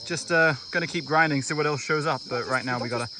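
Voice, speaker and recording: A young man hosting a vlog, chatting excitedly and casually as he films outdoors at night by a forest stream. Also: on the high side, fast, a little hiss or hum. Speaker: vlog host. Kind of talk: casual on-the-spot field commentary.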